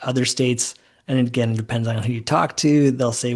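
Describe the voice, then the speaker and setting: This is an easygoing man talking through his investing methods on a podcast. He speaks at an ordinary middle pitch. His explanations wander and fill up with "uh" and "you know.". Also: steady tone, a little fast. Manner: easygoing, rambling explanations with fillers. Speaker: guest, mortgage note investor. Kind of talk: conversational podcast interview.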